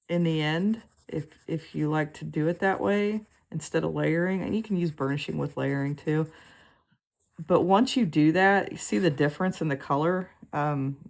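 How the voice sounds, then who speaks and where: A woman talking viewers through a colored pencil drawing in a relaxed, chatty way, with lots of fillers and trailing thoughts. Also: sits low. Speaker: art tutor. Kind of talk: relaxed draw-with-me instruction.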